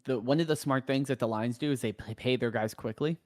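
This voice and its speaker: Male co-host, mid pitch, laid-back delivery, dry recording. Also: a little fast, dry recording. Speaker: podcast co-host. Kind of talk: casual livestream chat.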